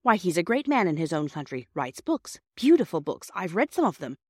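A woman voicing a composed, reassuring mother in a storybook reading, speaking brightly and briskly. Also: on the low side, sing-song, no echo, studio quality.

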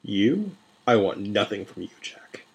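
A man voicing a cruel, scheming male villain who taunts his prisoners slowly and quietly. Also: very animated, vocal fry, husky, exaggerated voice. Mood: gloating. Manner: slow, low, hushed taunting.

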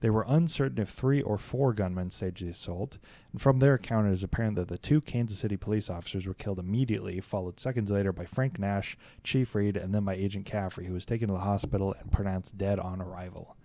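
A man's voice: lowish voice, fast talker, no echo. A young man hosting a podcast, reading a historical account aloud and breaking off for casual, laughing asides. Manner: steady read-aloud with laughing, chatty interjections. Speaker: podcast host.

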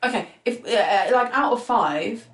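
A young woman co-hosting a podcast in a casual, animated chat, full of "like" and quick asides. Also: medium pitch. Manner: animated, excitable, lots of "like". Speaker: podcast co-host. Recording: echoey room.

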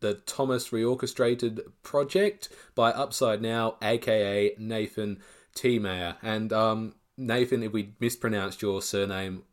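A man's voice: on the low side, steady tone, a little slow. A man hosting a casual fan podcast, introducing the team and handing over. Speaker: podcast host. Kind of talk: casual chat.

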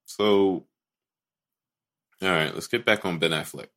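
Deep-voiced man rambling in blunt podcast chat. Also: unhurried, fairly bright tone. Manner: rambling, restarts a lot, blunt and profane. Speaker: podcast co-host. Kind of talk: casual movie chat.

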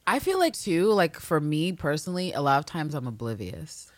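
A low-pitched woman from New York co-hosts a casual podcast. Her voice leaps up and down as she tells stories and puts on voices, swearing freely. The sound is close and dry. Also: no echo. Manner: profane, animated storytelling, quick to put on voices. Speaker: podcast co-host. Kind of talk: casual chat recapping a TV series.

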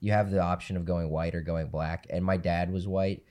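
A guest comedian from the United States chats loosely on a podcast. His voice sits a little low, and he rambles through jokes with plenty of filler words. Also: level tone, normal speed, darkish tone. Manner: rambling, filler-heavy joking. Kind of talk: casual podcast banter.

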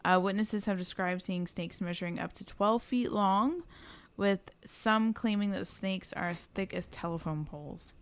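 At a moderate pace and medium pitch, a woman co-hosting a podcast at home, windows open, chats her way through stories. It's a relaxed storytelling conversation, and she laughs frequently.

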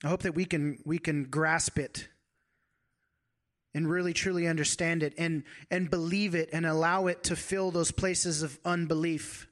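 Man preaching a conversational sermon, higher voice. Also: flat delivery, moderate pace. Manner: conversational, searching preaching with rhetorical questions. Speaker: pastor.

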